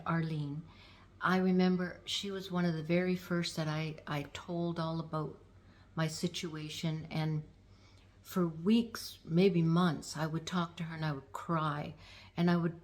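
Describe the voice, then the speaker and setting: A woman in her sixties from Canada, hosting her own vlog and talking to the camera in a gentle, unhurried way with fillers. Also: fairly low pitch. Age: 60s. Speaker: vlog host. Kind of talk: casual talk to camera.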